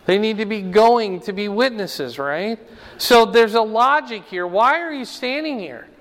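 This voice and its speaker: A man teaching a Bible lesson verse by verse, explaining slowly and checking in with "right?" and "okay?". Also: high-pitched, expressive, big-room sound.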